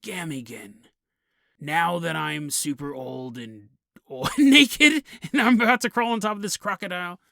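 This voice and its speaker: A man voicing a frail elderly person on a deathbed, talking low, quiet and pleading. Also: lively intonation, unhurried, vocal fry, no echo, clean studio sound, exaggerated voice. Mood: sentimental.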